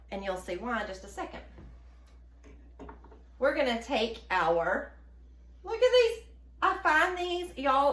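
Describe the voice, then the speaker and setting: A woman's voice: sits high, fairly bright tone, reverberant. A woman with a Southern US accent hosting a casual cooking demonstration of her own baking product, chatty and upbeat with frequent ums and laughs.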